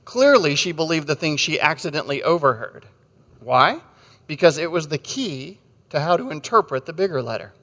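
A man's voice: a little high, sing-song, normal speed, a bit bright, long reverb tail. A man preaching a sermon in a conversational, wry way, telling stories with jokes and asides. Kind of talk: sermon with storytelling.

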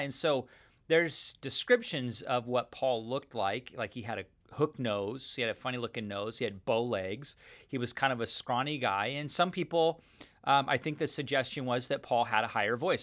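A man's voice: mid-range voice, normal speed, fairly bright tone. A man hosting a podcast, giving a casual, earnest Bible teaching in a conversational way with light chuckles.

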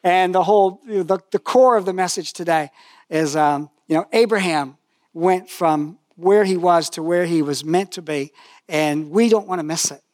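Older male preacher, high-pitched and chatty, dry close-miked sound, storytelling sermon with humor. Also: normal speed, darkish tone, no room sound. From lived in New Zealand for decades.

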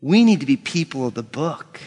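A man preaching a sermon as pastor, animated and acting out quoted voices. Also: medium pitch, moderate pace. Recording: long church reverb.

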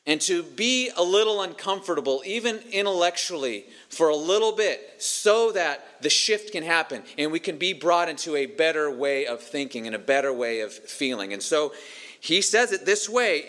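A man's voice: on the high side, animated, normal speed, a bit bright. A man preaching a sermon as pastor, earnest and emphatic, repeating his key phrases.

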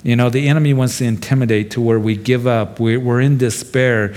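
Talking a little fast in a steady, darkish medium-pitched voice, a pastor works through an expository sermon. He keeps it plain and conversational, addressing the congregation directly.

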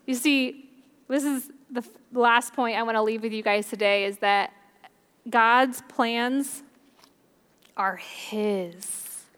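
A woman delivers a sermon to her congregation in a smooth, resonant voice. She preaches in an earnest, conversational way, as though talking with friends in the pews. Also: fairly high pitch, slow pace, long pauses, fairly bright tone. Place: church service.

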